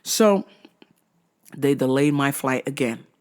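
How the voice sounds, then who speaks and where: A woman telling a profane comic travel rant in an animated manner, jumping into high outbursts. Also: takes it slowly, clean tone. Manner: animated, swearing, jumps into high-pitched outbursts. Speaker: vlogger.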